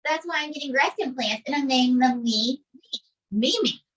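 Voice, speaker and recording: A sassy puppet girl with a brassy, cheeky delivery , as a woman voices her. The voice sits high. The sound is a little distant from the mic. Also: moderate pace, fairly bright tone, muffled recording. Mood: smug. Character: sassy young woman puppet, brash gold-digger. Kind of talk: ventriloquist puppet act.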